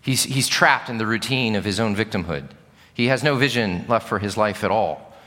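A male preacher delivering a sermon, telling the story with energy and moving between hushed, slow lines and loud, raised ones. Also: fairly low pitch. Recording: long reverb of a large hall.

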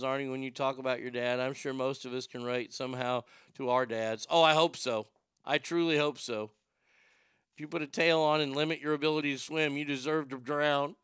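A man hosting a comedy podcast, cracking crude jokes in loose chat. His voice is bright and crisp, and it sits a touch high for a man. The sound is dry and close. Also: no room sound. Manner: profane, joking, riffing on the news. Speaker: podcast host.

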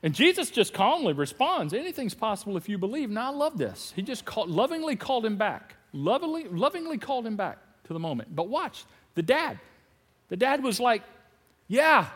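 Animated high-voiced male pastor. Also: normal speed, long reverb tail. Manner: animated, acts out biblical dialogue with laughs. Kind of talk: sermon. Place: large church hall.

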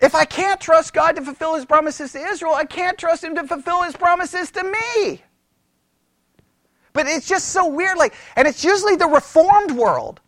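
Animated, high-voiced Bible teacher. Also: moderate pace, no echo, studio quality. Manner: animated, exasperated, mocks opponents in raised voices. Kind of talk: conversational sermon.

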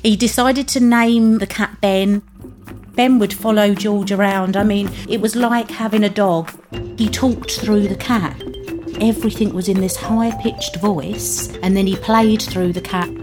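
A British mother tells her own story in the first person, plain-spoken, earnest and emotional, in British English. Her medium-pitched voice is steady and a little slow, with music underneath.

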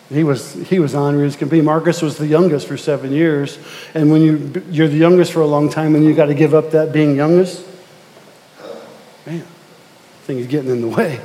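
A man's voice: on the high side, dark tone. A middle-aged man preaching a sermon as pastor, telling family stories and repeating words as he builds to emphatic exhortation. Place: church sanctuary. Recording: long reverb of a church hall.

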